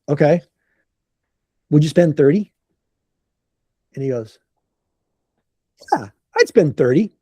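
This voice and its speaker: A man's voice: a little high, slow pace, pauses often, husky, no room sound. Upbeat man telling a story, dry sound. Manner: animated, acts out quotes, repeats words. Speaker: landscaping business coach. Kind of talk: casual storytelling on a group call.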